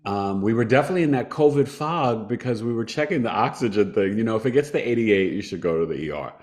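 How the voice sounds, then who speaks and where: Speaking quickly in a lowish voice, a podcast guest in his fifties recounts a personal story. His manner is animated and conversational, with occasional laughs.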